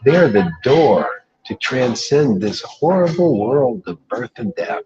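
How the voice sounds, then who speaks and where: A man's voice: medium pitch, big pitch swings, takes it slowly, dull audio, a crowd in the background. A man giving an informal devotional talk as a spiritual teacher, emphatic and colloquial, often calling listeners "man.".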